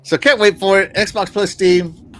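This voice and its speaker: A man hosting a podcast in casual chat, animated, laughing often and shouting out viewers. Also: high-pitched, unhurried. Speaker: podcast host.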